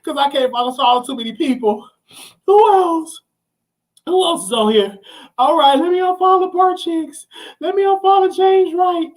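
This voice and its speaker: A man hosting a casual live stream, excitable and chatty, breaking into shrieks and repeated exclamations as he talks to viewers. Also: very high-pitched, moderate pace. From Texas. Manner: chatty, addresses viewers directly.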